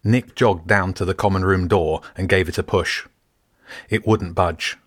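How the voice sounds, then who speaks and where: Deep-voiced man narrating a story. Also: husky, dry recording, clean studio sound. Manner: steady, measured storytelling. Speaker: audiobook narrator. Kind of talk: scripted narration.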